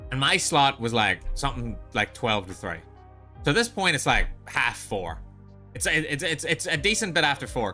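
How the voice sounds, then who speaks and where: A man from the Netherlands, streaming, tells a story in a casual rant that's profane and exasperated, restarting often. His voice sits at medium pitch, bright and forceful.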